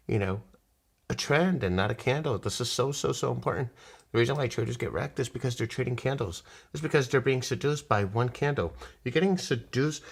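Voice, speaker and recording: A man casually walking viewers through a trading chart, rambling and swearing, acting out little voices as he goes. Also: mid-range voice. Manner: profane, rambling, animated with put-on voices. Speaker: day trading streamer. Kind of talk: casual live chart walkthrough.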